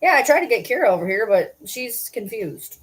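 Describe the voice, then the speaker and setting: A woman's voice: fairly high pitch, big pitch swings, a little fast. Woman cooing baby talk at her dogs. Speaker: livestreamer. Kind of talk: casual livestream chat. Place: at home with dogs on her lap.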